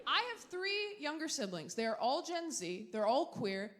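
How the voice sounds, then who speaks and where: A woman doing stand-up comedy with dry, self-deprecating quick punchlines, live before an audience. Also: sits high, very animated, noisy background. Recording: live stage recording, crowd laughter. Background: audience laughter.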